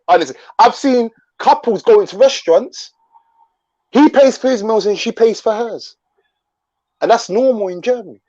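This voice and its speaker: A man with a London accent hosting a live chat, telling stories in an animated, slangy way. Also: sits high, dull audio. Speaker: livestream host.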